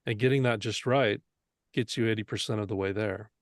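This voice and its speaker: A man's voice: fairly low pitch, fairly even intonation, brisk, no echo, studio quality. A man teaching audio mixing, explaining earnestly and asking rhetorical questions as he goes. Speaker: mixing instructor.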